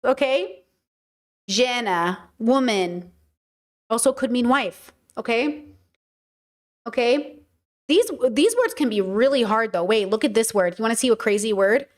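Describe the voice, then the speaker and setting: An American woman hosting a livestream in a loose, joking way. Her voice sits a touch higher than most women's, and she swears freely and repeats herself for emphasis. The talk is relaxed and rambling. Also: unhurried, long pauses. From United States. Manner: playful, swearing, chatty, repeats words for emphasis. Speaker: host. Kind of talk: casual livestream chat.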